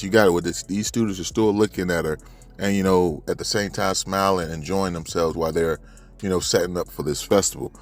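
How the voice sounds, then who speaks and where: A man giving a casual, animated chapter recap in slangy speech, talking straight to his viewers. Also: low-pitched, a little fast. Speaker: manga reviewer.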